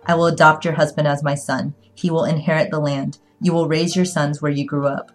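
A woman's voice: low voice, little pitch movement, fairly quick, faint music behind, natural voice. A woman voicing a stern, proud older father in a read-aloud story, speaking in a clipped, commanding way.

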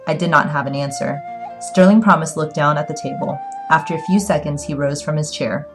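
A woman narrating a story in the first person, reading in a measured, earnest way. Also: low voice, music in the background. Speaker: audiobook narrator.

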